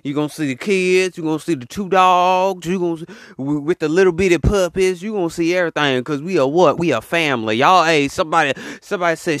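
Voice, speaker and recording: A man hosting a solo podcast, talking in an animated, preachy way and calling out to his listeners. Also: a little high, fast, few pauses, no echo, studio quality. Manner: animated, preachy, call-and-response asides to listeners. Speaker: podcast host. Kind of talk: casual solo podcast monologue.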